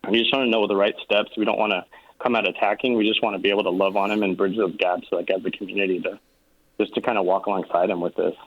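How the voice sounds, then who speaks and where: A man's voice: lowish voice, fairly even intonation, fast talker. A man calling in to a radio show, earnest and hesitant, with many fillers. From Los Angeles, California. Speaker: caller. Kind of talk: phone-in call. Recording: dull lo-fi phone line.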